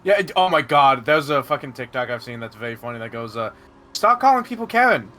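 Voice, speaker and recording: A man running a tabletop game as game master, explaining in a halting way full of fillers and restarts. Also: medium pitch, expressive, pushed and bright.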